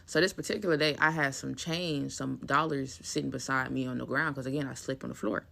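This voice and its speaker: A young woman tells a story as a blunt, heavily profane rant. Her voice is gravelly and edged with fry, and her delivery is forceful and tense. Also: a bass voice, fairly even intonation, brisk.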